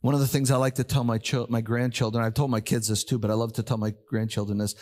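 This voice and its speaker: An older man delivers a sermon as the pastor, his voice sitting at an ordinary middle pitch. He preaches emphatically, slowing on important words and repeating them for weight. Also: little pitch movement, darkish tone.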